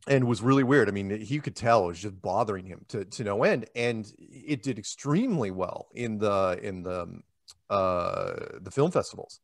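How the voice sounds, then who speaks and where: A man's voice: on the low side, no echo, clean studio sound. A man from the United States, talking casually in an interview, rambling with many restarts and quoted asides. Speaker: interview guest.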